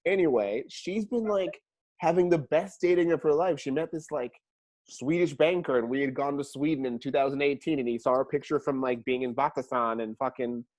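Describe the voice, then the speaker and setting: A young man hosting a podcast, chatting casually and telling stories in an animated way, laughing and swearing freely. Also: medium pitch, brisk. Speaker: podcast host. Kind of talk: casual chat.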